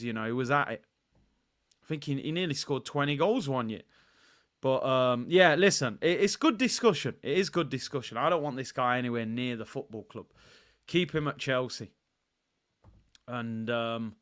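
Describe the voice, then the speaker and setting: Brief: male football vlogger, casual and opinionated, bright and tense, slightly high. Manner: chatty, opinionated, slangy, addresses viewers. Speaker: football channel host. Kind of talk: casual football vlog talk.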